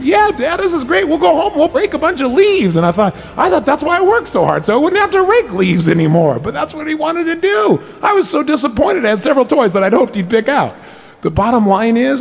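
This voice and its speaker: A middle-aged man giving a motivational talk, telling personal stories with animated energy that drops to a hushed, earnest tone. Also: high voice, vocal fry. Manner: animated storytelling, swinging from excited to hushed and earnest. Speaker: motivational speaker.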